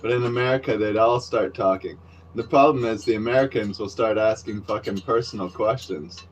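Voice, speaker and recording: A man's voice: fairly low pitch, brisk, a little hiss or hum, poor audio. A man vlogging outdoors near a construction site, rambling wryly and cursing freely into a handheld camera. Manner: profane, rambling and wry. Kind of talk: casual rambling monologue to camera.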